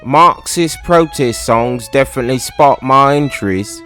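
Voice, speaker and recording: A man voicing a working-class British socialist in a put-on British accent, telling his story loudly and with emphasis over faint music. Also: medium pitch, measured pace, close to an everyday voice. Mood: earnest.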